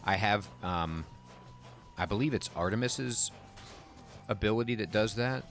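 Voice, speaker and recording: A man's voice: on the low side, a little slow, a bit bright, faint music behind. A man giving casual, chatty commentary while playing a video game and reacting aloud to the action. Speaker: game streamer.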